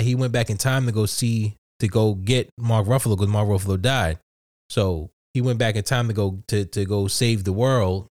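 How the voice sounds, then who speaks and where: A man with a fairly low voice tells a story in a loose, excitable way. He swears freely and keeps restarting his sentences. The sound is dry and close. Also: dry recording. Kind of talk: casual chat.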